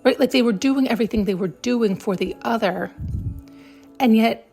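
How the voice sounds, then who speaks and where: A woman's voice: on the high side, moderate pace, creaky, darkish tone, soft background music. Shaken woman podcast host near tears. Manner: emotional, rambling, swears casually. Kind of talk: intuitive reflection.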